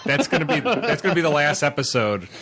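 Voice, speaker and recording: A man's voice: fairly high pitch, sing-song, bright, forceful tone, faint music behind. A man co-hosting a podcast who jokes around and laughs easily. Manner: playful, joking, quick to laugh. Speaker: podcast co-host. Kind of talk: casual podcast chat.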